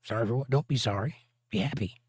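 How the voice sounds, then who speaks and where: A man's voice: medium pitch, fast, darkish tone, breathy edge, no room sound, studio quality. A middle-aged man hosting a livestream in casual chat, reading viewer comments aloud and joking with crude banter. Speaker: livestream host and musician.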